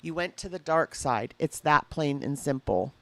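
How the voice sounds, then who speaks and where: A woman's voice: low-pitched, animated, moderate pace, no echo. A woman hosting live reaction commentary, making blunt, skeptical remarks and greeting her chat. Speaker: commentary streamer reacting to a clip.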